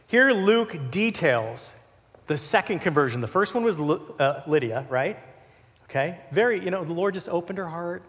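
A man preaching with a high, lively voice that swings up and down as he talks. He keeps it conversational and animated, tossing in asides as he goes. His words ring out with a long reverb, as in a big church hall. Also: moderate pace. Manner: animated, conversational, with asides and filler "you know". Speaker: pastor. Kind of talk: sermon.

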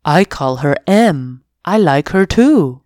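A woman voicing a big, friendly, goofy male puppy in a pet storybook, with an altered, slower voice. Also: sits low, expressive, a little mellow, no echo, clean studio sound.

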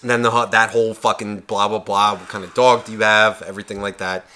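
A man's voice: fairly low pitch, level tone, quick pace, pushed and bright. A young man casually telling a long, profanity-filled bar story on a podcast, acting out everyone's lines. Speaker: podcast co-host.

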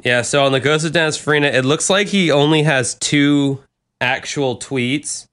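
A man's voice: on the high side, normal speed, a bit bright, clear, resonant tone. A young man co-hosting a podcast, chatting casually and telling loose, rambling stories with some swearing. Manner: rambling, loose storytelling with profanity. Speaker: podcast co-host. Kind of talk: casual chat.

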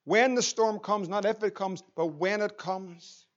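A Northern Irish man preaches with urgency and a high, ringing voice. He sinks to near-whispers and then swells to forceful emphasis. The recording is muffled and lo-fi. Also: a little slow. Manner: impassioned, swinging between hushed and loud emphasis. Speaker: pastor. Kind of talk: evangelistic sermon. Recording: dull lo-fi church recording.

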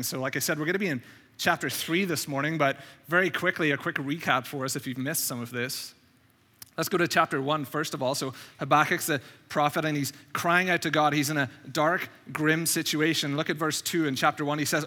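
A man's voice: on the high side, steady tone, a little fast, sharp tone. A man preaching as a visiting pastor, talking conversationally and telling stories, often repeating words. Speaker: guest preacher. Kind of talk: sermon. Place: church sanctuary. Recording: church sanctuary with long reverb.

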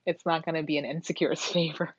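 A woman co-hosting a casual recap podcast who answers with wry, dry quips. Her voice sits a little low and comes through a dry, slightly dull lo-fi mic. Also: flat delivery, fast, husky, no echo. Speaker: podcast co-host.

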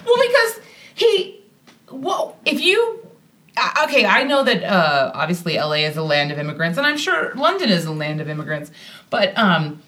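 An American woman casually telling a personal story on a podcast, animated and self-deprecating, laughing often as she talks. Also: medium pitch, normal speed. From United States.

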